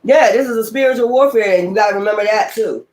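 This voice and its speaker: Woman tarot reader going off, cussing nonstop, fired up and blunt, mid-pitch voice. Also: fast talker, a little mellow. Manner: heated, blunt, heavy cursing. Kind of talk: casual profane rant to viewers.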